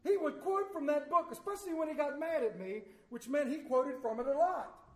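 Male pastor, high-pitched, folksy sermon storyteller, big swings from loud to hushed, echoey sanctuary. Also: brisk. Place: church sanctuary.

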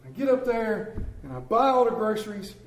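A man's voice: sits high, very animated, moderate pace. A man preaching a sermon, telling folksy, exaggerated stories in a church. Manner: folksy storytelling with comic exaggeration. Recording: echoey room.

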